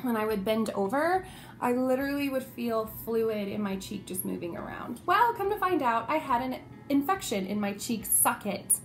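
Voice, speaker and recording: A young woman vlogger telling a personal story in a casual, animated way, acting out the quotes as she goes. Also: a little high, moderate pace, soft background music.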